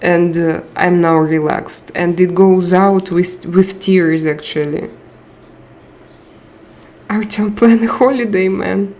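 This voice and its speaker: Woman live stream host, tired, unhurried speech, emotional thanks to chat. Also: on the low side, slight background noise. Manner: warm, emotional, reads out chat names and thanks viewers. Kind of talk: casual live chat with viewers.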